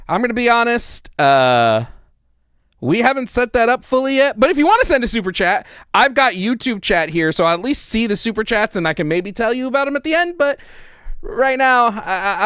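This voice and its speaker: A young man hosts a live talk show from a small studio. His voice sits high and leaps around a lot, loose and chatty, and the room sounds close and dry. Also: fairly bright tone, clean tone, no echo.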